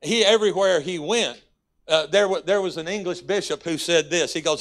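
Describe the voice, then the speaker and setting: A guest pastor speaks at normal speed in a fairly high, slightly bright voice with a Texas accent. Preaching in church, he keeps it folksy and conversational, with sudden emphatic rises.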